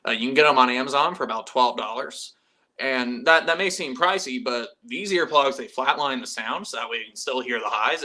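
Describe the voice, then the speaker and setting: A man's voice: medium pitch, pushed and bright. A man hosting a casual live stream about metal music, reading viewer messages and rambling animatedly, swearing freely. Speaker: metal YouTube channel host.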